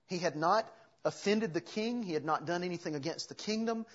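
Husky-voiced man preaching a sermon. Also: high-pitched, brisk, muffled recording. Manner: earnest expository preaching, reading scripture aloud. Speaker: pastor.

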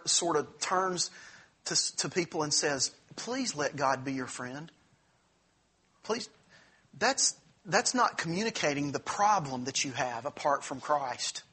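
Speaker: man. Role: Bible class teacher. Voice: forceful, husky, fairly high. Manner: earnest, conversational. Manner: earnest, conversational, with frequent restarts and asides.

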